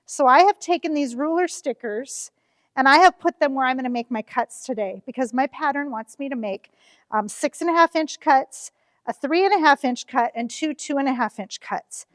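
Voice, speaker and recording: Midwest lady showing quilting stuff at her shop, kinda high voice, lots of ums, dry close sound. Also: moderate pace, a bit bright, dry recording, in a large hall. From Nebraska, US. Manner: friendly, chatty, with frequent ums and uhs. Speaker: quilt shop owner demonstrating a ruler. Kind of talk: casual how-to demonstration. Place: quilt shop cutting table.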